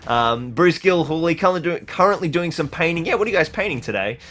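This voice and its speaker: A man's voice: on the high side, lively intonation, fast, fairly bright tone. Chatty young man from Australia hosting. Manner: rambling, laughs often, many fillers. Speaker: livestream host reading chat. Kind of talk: casual livestream chat.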